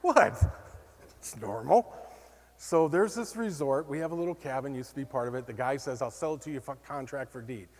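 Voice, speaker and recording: A man speaks on stage at a conference, telling a personal story in an animated, self-mocking way. He acts out the other voices in his story. The sound carries the long reverb of a large hall. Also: mid-range voice, fairly quick. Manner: animated, self-deprecating, acts out quoted dialogue.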